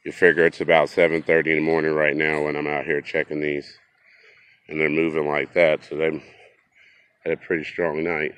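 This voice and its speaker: A man's voice: rumbling low, completely flat delivery, moderate pace, fairly bright tone, no room sound. A man vlogging casually outdoors by a riverbank, talking straight to his viewers in a folksy way. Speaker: fishing vlogger.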